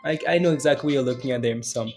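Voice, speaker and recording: Talking very fast in a medium-pitched, slightly mellow voice, a man discusses crypto prices with his livestream viewers and answers their comments. He habitually tags his lines with "right?", and faint music sits in the background.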